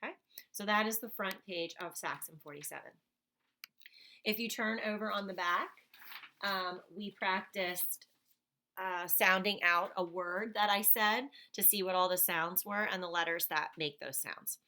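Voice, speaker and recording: A woman teaching a phonics lesson to young children. She talks slowly and patiently, sounding out each word, and her voice is bright. She speaks in a clear, even teaching tone. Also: medium pitch, slight background noise. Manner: slow, patient, sounds out words.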